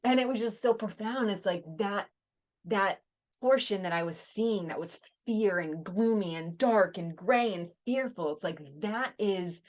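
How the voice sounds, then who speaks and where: A woman co-hosting a podcast, telling a personal story in a casual, animated way, often saying "like". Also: mid-range voice, measured pace. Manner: animated, heavy use of "like", frequent restarts. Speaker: podcast co-host.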